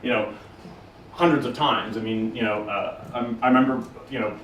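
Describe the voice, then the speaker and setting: A man talks casually to a live audience in a conference room and fields their questions, blunt, profane and joking. His mid-range voice is a bit bright, with fairly even intonation and a moderate pace. The muffled recording sounds roomy and distant, with faint noise.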